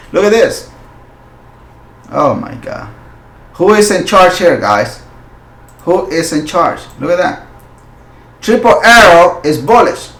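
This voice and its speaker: In a reverberant recording, a slightly high-voiced male forex host analyzes the markets live. He speaks English with non-native phrasing and keeps tipping into loud, hyped exclamations.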